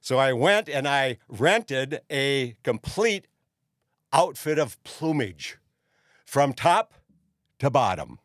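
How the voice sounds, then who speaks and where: A man's voice: medium pitch, big pitch swings, slow, fairly bright tone, dry recording, clean studio sound. Older man rambling through a story. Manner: rambling anecdotal with frequent "you see" fillers. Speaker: host. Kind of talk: casual storytelling monologue.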